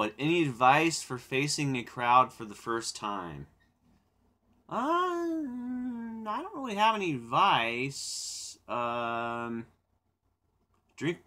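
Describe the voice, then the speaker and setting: A young man hosting a live stream, chatting casually with viewers in a rambling way, with repeated words and laughter. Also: mid-range voice. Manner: reflective and calm when talking about silence. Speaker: livestream host.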